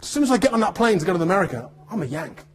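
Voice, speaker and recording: An English man, an actor, giving an animated anecdotal talk to students and acting out voices as he tells stories. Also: sits high, very fast, slight background noise. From United Kingdom. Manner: animated storyteller, acts out voices.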